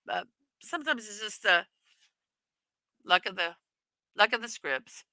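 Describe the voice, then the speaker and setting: A woman's voice: medium pitch, expressive, a little slow, bright, forceful tone, dry recording, poor audio. A woman hosting a casual live stream, chatting with viewers and reading their comments, giggling often, with many fillers. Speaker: livestream host.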